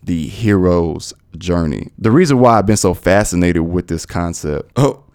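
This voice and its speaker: A young man hosting a podcast, telling stories casually in an animated, profane, slangy way. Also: low voice, normal speed, smooth. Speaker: podcast host. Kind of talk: casual storytelling monologue.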